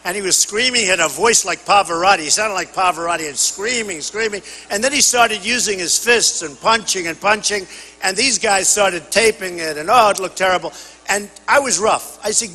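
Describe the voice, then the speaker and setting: An older man giving a campaign rally speech at a podium microphone, boastful and repetitive, often shouting to the crowd. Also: high voice, normal speed, long reverb tail, rough recording. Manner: boastful, repetitive, punchy phrases. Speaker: political candidate at a rally. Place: large rally venue.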